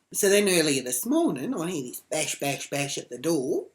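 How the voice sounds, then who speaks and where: A woman's voice: sits low, sing-song, normal speed. A woman ranting to camera in a brash, foul-mouthed comic character. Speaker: comedy vlogger in character.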